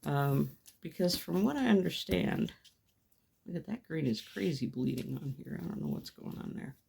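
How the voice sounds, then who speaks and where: A woman's voice: low voice, expressive, moderate pace, vocal fry, a little mellow, a little hiss or hum. A woman talking through a gel plate printing project as she works, chatty and self-deprecating, laughing often at herself. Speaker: mixed media artist. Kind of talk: casual crafting commentary. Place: home craft studio.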